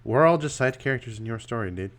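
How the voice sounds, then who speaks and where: A man's voice: mid-range voice, animated, quick pace. A man playing in a tabletop game, talking with dry, teasing humor. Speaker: player. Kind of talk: casual chat during a tabletop game.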